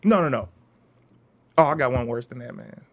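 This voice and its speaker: A man's voice: medium pitch, lively intonation, normal speed, fairly bright tone. A man in his twenties from Detroit, a comedian telling stories in a casual interview and acting out the voices of the people in them. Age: 20s. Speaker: comedian guest.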